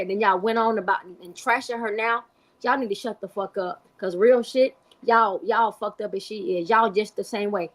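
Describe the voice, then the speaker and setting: A woman's voice: mid-range voice, fairly bright tone. Fiery, profane woman host ranting. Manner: emphatic, profane, repeating herself for emphasis. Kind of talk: heated live-stream commentary.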